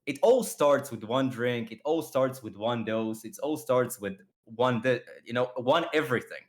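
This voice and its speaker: A man's voice: medium pitch, moderate pace. A man on a podcast arguing his view emphatically, acting out little quoted exchanges as he goes. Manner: emphatic, animated, acts out quotes. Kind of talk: casual debate.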